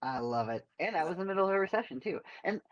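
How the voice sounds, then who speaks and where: A man's voice: high-pitched, sing-song, very fast, muffled recording. A man co-hosting a casual podcast who is upbeat and laughs easily. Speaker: podcast co-host.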